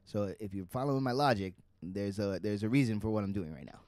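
A man's voice: lowish voice, fast, a little mellow, dry recording. A man giving casual, profane live commentary while playing a video game, chatting to himself and to the game. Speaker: streamer.

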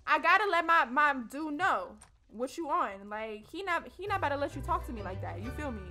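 A woman's voice: high voice, big pitch swings, fairly quick, pushed and bright, faint music behind. A young woman hosting a let's play, chatting casually and expressively to her viewers in slangy talk. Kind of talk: casual gameplay commentary.

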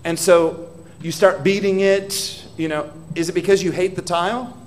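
A man with a high voice keeps a steady tone and moderate pace while preaching a dramatic sermon in a church hall. The pastor's spoken prayers grow more intense, and he directs questions at the congregation.

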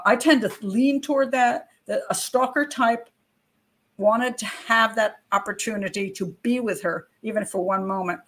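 Her pitch sits fairly high with a touch of brightness. She's an older woman, a criminal profiler and channel host, speaking candidly to viewers about true crime, opinions and all, with offhand remarks and questions she doesn't expect answered.

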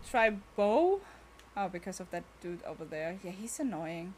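Streaming a game, a young woman gives casual commentary, chatting, exclaiming, and speaking to her chat. Her voice is fairly low with big pitch swings and a normal speed, and there's a little hiss or hum.

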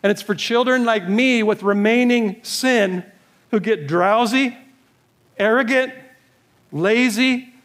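High-voiced pastor pleading urgently. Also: male voice, slow pace, a bit bright. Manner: urgent, pleading, repeats short commands. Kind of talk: sermon. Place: church service.

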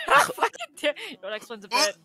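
A woman's voice: fairly high pitch, wildly swooping pitch, moderate pace, vocal fry, bright, forceful tone. A woman streaming a game with friends, chatting casually, laughing often and swearing freely. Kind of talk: casual gaming chat with friends.

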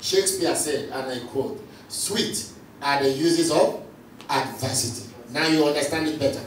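Man preaching, high voice, call-and-response, very echoey hall, distant mic, faint hiss. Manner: call-and-response preaching, repeats lines for the congregation. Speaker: pastor. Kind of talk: sermon.

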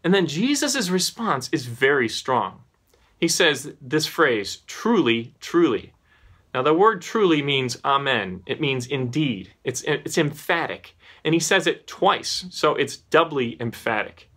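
A man preaching a sermon, explaining in a teaching tone and swinging his pitch up and down for emphasis. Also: sing-song, measured pace, a bit bright.

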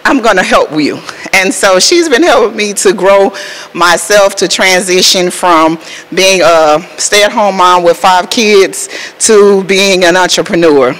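A woman emceeing an event, chatting to a live audience in an animated way and laughing often. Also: medium pitch, slow pace, rough recording. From Houston, Texas. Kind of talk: casual speech to a live audience.

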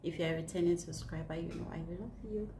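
A woman's voice: on the low side, steady tone, fast, vocal fry. A young woman from Ghana vlogging to camera, emphatic and aggrieved, often repeating herself. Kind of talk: casual vlog monologue. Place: indoors in a house. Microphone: camera on a stand. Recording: echoey room with faint background noise.

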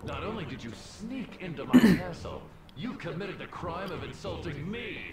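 A man's voice: a little high, animated, moderate pace. An actor playing an arrogant, mocking tyrant king in a video game, talking down to his captives. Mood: sneering. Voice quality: sneering, mocking. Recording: roomy game audio with music.

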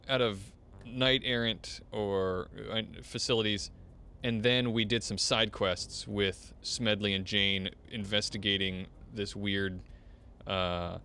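A man's voice: on the low side, fairly even intonation, slow, pushed and bright, clear, resonant tone. A man chatting casually while playing an online game with friends, rambling and restarting his sentences. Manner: rambling, restarts, laughs often. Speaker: gamer on a playthrough show. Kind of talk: casual gaming chat.

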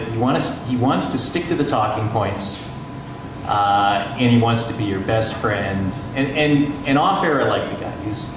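A middle-aged radio journalist telling anecdotes on a panel, chatty, laughing often and restarting his sentences. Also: fairly low pitch. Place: panel discussion in a large echoey room. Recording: echoey hall from far off, noisy.

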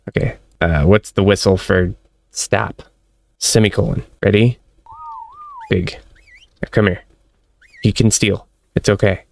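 Gravelly low-voiced man gaming. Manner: excitable, laughing, chatting to his in-game pet. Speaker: gaming channel host. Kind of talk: let's-play commentary.

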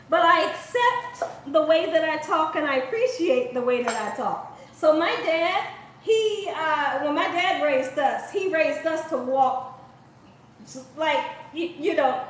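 A home cooking show host from Columbus, Ohio chats and laughs with viewers while she cooks in her kitchen. Her high voice is animated and a bit bright at a measured pace, with a little hiss or hum, an echoey room, and distance from the mic.

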